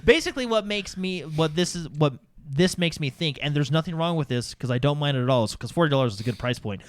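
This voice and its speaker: A man's voice: on the high side, expressive, fast talker. A man co-hosting a gaming podcast in casual chat, rambling with many fillers and restarts. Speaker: podcast co-host.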